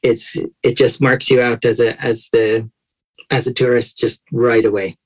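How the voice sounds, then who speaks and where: A man's voice: medium pitch, flat delivery, a little slow, poor audio. A man from Alabama with a Southern American accent touched by a light Irish lilt, a modest, easygoing interview guest. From Alabama, USA. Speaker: guest, church worker. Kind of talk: casual interview chat.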